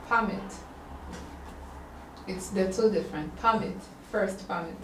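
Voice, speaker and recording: Patient woman tutor, distant in an echoey room. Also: medium pitch. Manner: patient, repeats words slowly for the student. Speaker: English tutor. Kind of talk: one-on-one language lesson. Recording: roomy echo, distant from the mic, faint background hiss.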